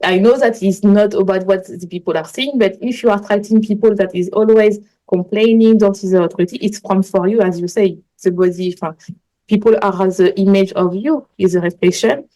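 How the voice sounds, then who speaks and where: Mellow-voiced woman. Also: medium pitch, fairly even intonation, brisk, poor audio. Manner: earnest, rambling storytelling in non-native English. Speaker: manifestation coach, podcast guest. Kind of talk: casual interview chat.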